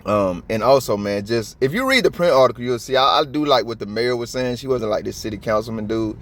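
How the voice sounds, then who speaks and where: A man's voice: medium pitch, brisk. Ranting Southern man with a Georgia accent. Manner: profane, ranting, heavy slang. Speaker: commentary host. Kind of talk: casual reaction commentary.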